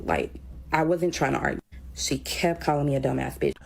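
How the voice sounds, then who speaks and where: A woman's voice: a bass voice, big pitch swings, a little fast, creaky, a little mellow. A young woman who teaches, dryly retelling an argument in casual storytelling.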